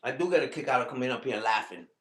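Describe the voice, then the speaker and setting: A man's voice: medium pitch, very fast, fairly bright tone, reverberant, a little hiss or hum. A man hosting a casual livestream, talking back to his critics and repeating his own catchphrases. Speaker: livestream host.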